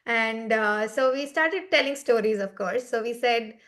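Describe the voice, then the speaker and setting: A woman's voice: a little high, unhurried, a bit bright. Reflective woman telling a story. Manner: reflective, conversational, often asks "right?". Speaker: meditation facilitator. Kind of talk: storytelling in a guided meditation session.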